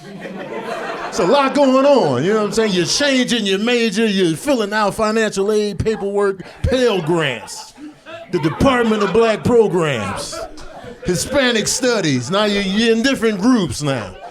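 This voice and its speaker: Loud animated stand-up comic, crowd roaring. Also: male voice, high voice, a little slow. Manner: loud, animated, street-talk delivery. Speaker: stand-up comedian. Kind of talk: improvised stand-up set. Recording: live comedy club with crowd noise.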